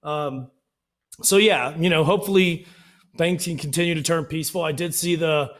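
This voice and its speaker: A man's voice: on the high side, normal speed. A man, co-hosting a casual talk podcast and telling stories with acted-out quotes. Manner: animated storyteller, acts out quotes in raised voices. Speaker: podcast co-host. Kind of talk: casual chat.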